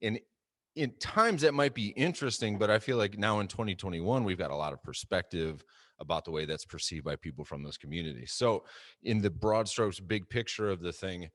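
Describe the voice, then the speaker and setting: A very low-voiced American man talks through ideas in a relaxed panel chat. He hedges and circles back, then gets animated when he presses a point. The sound is dry and close. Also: brisk, no room sound. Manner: thoughtful, hedging, animated when making a point. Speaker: co-host. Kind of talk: casual panel discussion.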